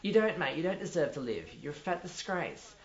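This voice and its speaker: Pitched on the high side, his brisk delivery swings widely up and down. He's an Australian-accented man in a mockumentary comedy, portraying a self-important male drama teacher whose rambling is full of restarts. The sound is dull and lo-fi, with room echo and music faintly audible.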